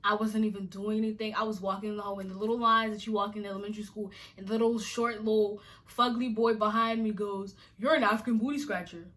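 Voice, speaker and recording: A woman's voice: medium pitch, level tone, fast, hardly any pauses, fairly bright tone. A woman from Nigeria vlogging to camera, exasperated and emphatic, firing off repeated rhetorical questions. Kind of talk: casual to-camera rant.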